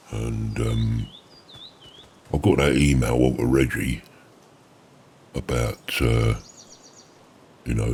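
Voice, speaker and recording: A man's voice: extremely low pitch, darkish tone, husky. A man in a casual roleplay, talking in a weary, grumbling way. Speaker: roleplay partner.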